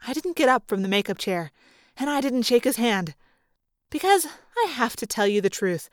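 A woman narrating a first-person audiobook in an expressive, lively way. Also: on the high side, moderate pace, no room sound, clean studio sound. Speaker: audiobook reader.

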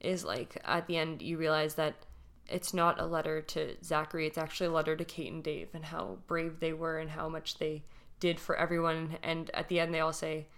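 A woman's voice: low voice, little pitch movement, normal speed, hardly any pauses, a bit bright. A young woman co-hosting a casual podcast, retelling a case emotionally, with many fillers and trailing-off phrases. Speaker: podcast co-host telling a true crime case.

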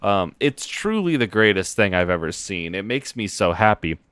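A man co-hosting a comedy podcast in casual chat, animated and laughing often as he mock-rants. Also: on the low side, moderate pace, clean tone, no room sound, studio quality. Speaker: podcast co-host.

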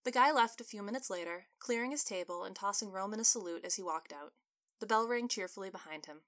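A woman author narrating her own story in an even, scripted way. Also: mid-range voice, fast.

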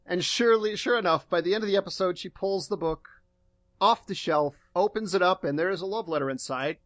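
A young man co-hosting a podcast, casually recapping a TV episode in a relaxed, meandering way. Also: high-pitched, brisk, dry recording. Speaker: podcast co-host.

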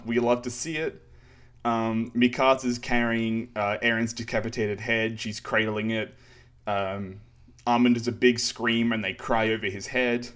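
Male co-host, mid-pitched, laid-back sarcastic recap, loose and chatty. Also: fairly bright tone. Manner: laid-back, rambling recap with fillers, sarcastic asides and laughs. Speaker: podcast co-host recapping a manga. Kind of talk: casual chat.

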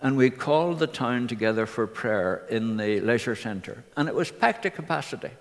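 A man's voice: mid-range voice, expressive, normal speed, creaky. An older man, a minister earnestly telling personal stories to his congregation. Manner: earnest anecdotal storytelling. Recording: reverberant hall.

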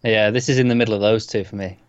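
Chill guy on a movie podcast, dry little quips, muffled low-fi mic. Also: smooth, dry recording. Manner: relaxed, quick to agree, dry remarks. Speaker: podcast co-host. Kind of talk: casual movie review chat.

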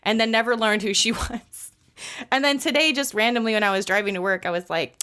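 A woman's voice: fairly high pitch, brisk, bright, forceful tone, clear, resonant tone. Young woman podcast cohost, laughy, swears a lot, playful casual chat. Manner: laughs often, profane and playful. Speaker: podcast co-host.

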